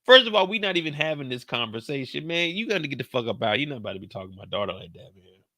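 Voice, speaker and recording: A man's voice: mid-range voice, sing-song, very fast, pushed and bright, no room sound. A young man giving a profane, joking recap of a TV episode, acting out the characters' lines as he goes. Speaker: show commentator. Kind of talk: animated casual recap commentary.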